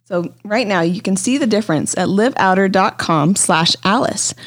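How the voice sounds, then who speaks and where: A woman's voice: mid-range voice, moderate pace. A woman co-hosting an interior design podcast, talking in an upbeat, enthusiastic way. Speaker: podcast co-host. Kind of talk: casual chat.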